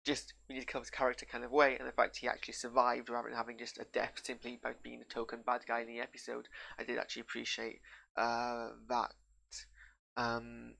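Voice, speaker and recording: A man's voice: medium pitch, completely flat delivery, fairly quick, vocal fry, bright, forceful tone. A man with a northern English accent giving a casual, rambling reaction to a TV episode, often drifting off on tangents and losing his thread. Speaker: show reviewer.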